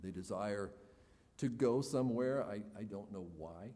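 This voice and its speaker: A man's voice: lowish voice, a little slow, dark tone. Man preaching in a reverberant hall. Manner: earnest expository preaching, rising emphasis on key points. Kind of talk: sermon.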